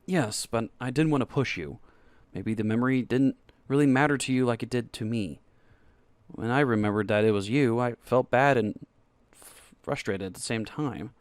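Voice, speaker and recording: A man voicing a brooding young man with insomnia who talks low and rough as he pleads, in an audio romance story. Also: moderate pace, no room sound, natural voice. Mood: confessing.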